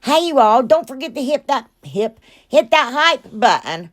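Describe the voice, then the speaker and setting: A woman's voice: high voice, big pitch swings, moderate pace. A woman hosting a DIY craft vlog, rambling chattily as she works, addressing her viewers as "y'all" and laughing at her own mistakes. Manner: pleads with viewers to like and subscribe. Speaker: craft channel host.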